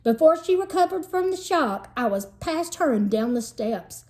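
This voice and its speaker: A woman, a teacher, reading a children's novel aloud in a lively storytelling manner. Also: high-pitched, moderate pace. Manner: lively storytelling, shifts into character voices. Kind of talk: expressive read-aloud narration.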